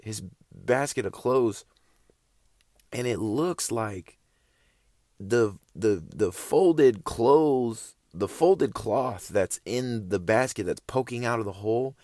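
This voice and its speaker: A man's voice: mid-range voice, darkish tone, no room sound, clean studio sound. A young man casually telling a story, laid-back and slangy, rambling along with loose phrasing.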